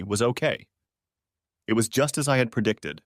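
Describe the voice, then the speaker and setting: A man narrating a first-person story in audiobook style, turning forceful and angry when he speaks his own lines. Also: medium pitch, lively intonation, moderate pace, no echo, clean studio sound.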